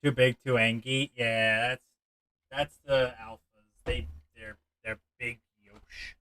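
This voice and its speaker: A man streaming a game live, chatting casually and excitably with his viewers and rambling as he plays. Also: medium pitch, slow pace, dry recording, poor audio. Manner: excitable, rambling, talks to chat, swears.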